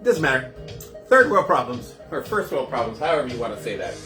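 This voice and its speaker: A man's voice: medium pitch, sing-song, brisk, roomy sound, over music. A man hosting a casual live cocktail show from his kitchen, chatty and gushing as he greets viewers. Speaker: host of a home cocktail livestream.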